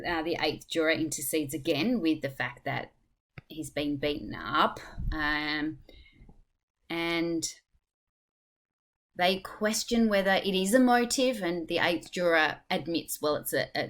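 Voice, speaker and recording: A woman teacher walks through a text in a low voice. She speaks thoughtfully and explains each point, often pausing with "um" to gather her next one. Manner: thoughtful, explanatory, hesitant fillers. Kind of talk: spoken literature lesson.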